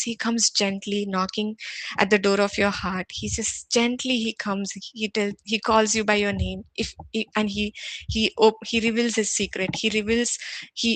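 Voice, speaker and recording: Earnest woman giving a gentle devotional. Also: mid-range voice, dry recording. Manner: gentle, earnest, with frequent restarts and repeated words. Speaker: devotional speaker. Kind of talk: morning devotional sermon.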